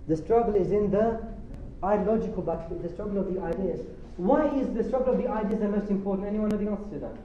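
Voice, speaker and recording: A man's voice: high-pitched, a little hiss or hum. A man giving a religious lecture, impassioned and rhetorical, asking his audience questions. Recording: roomy lo-fi lecture hall recording.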